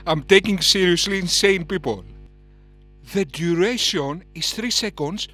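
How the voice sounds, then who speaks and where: A man's voice: high voice, takes it slowly, a bit bright, dry recording, soft background music. A man giving heated reaction commentary on a debate clip, scornful and mocking, and laughing at his own outbursts.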